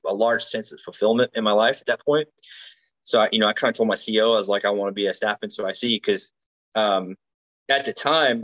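A man's voice: lowish voice, a bit bright, highs cut off. A man from Alabama in his thirties, a Marine recruiter telling his story in a casual interview, rambling with lots of fillers and restarts. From Alabama, USA.

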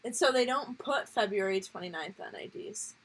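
A young woman co-hosting a podcast, reading a story aloud and chatting in a lively, jokey way. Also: mid-range voice, moderate pace, husky. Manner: lively, jokey, laughs often. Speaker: podcast co-host.

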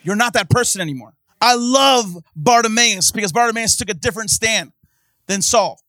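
A man preaching a sermon in church, swinging from hushed talk to impassioned shouting and calling out to the congregation. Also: sits high, lively intonation, moderate pace, dry recording, studio quality. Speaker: pastor.

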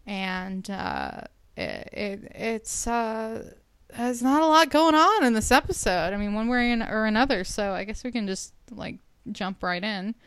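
A woman's voice: fairly high pitch, big pitch swings, a little slow, fairly bright tone, clear, resonant tone, no room sound. A woman co-hosting a podcast in casual chat, laughing often and talking with many fillers and restarts. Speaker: podcast co-host.

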